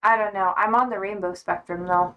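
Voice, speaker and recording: A young woman streamer chatting casually, reading out viewer comments, blunt and quick to swear and laugh. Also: mid-range voice, fairly even intonation, lo-fi sound.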